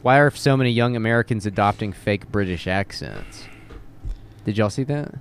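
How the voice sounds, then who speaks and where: A man's voice: on the low side, moderate pace, a crowd in the background. A man co-hosting a podcast, rambling and self-mocking in loose casual chat with plenty of swearing. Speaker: podcast co-host.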